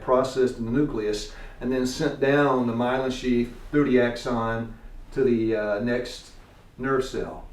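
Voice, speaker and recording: A man's voice: mid-range voice, darkish tone. A man with a Tennessee accent teaching a church class, quizzing his students in a folksy way and chuckling often. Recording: echoey room, distant mic.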